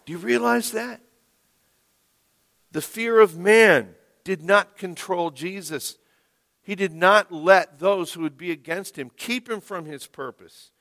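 A man preaching a sermon as the pastor of a church, slow and emphatic, leaning hard on key words. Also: high-pitched, creaky. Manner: slow, emphatic preaching with rising, loud stresses. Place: church sanctuary. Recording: long reverb of a church hall.

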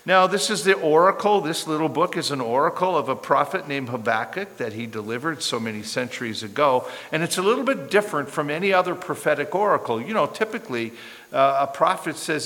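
A man's voice: fairly high pitch, expressive, normal speed, bright, forceful tone. A man preaching a sermon, telling a story and acting out the voices in it, rising to impassioned pleas. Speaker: pastor. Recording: long hall reverb.

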